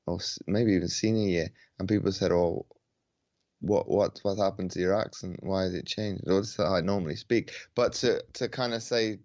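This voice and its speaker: A man's voice: low-pitched, darkish tone, no room sound, dull audio. A laid-back man answering questions as a podcast guest over a video call, often stopping and restarting his sentences. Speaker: podcast guest, paralympic athlete. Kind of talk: casual interview chat.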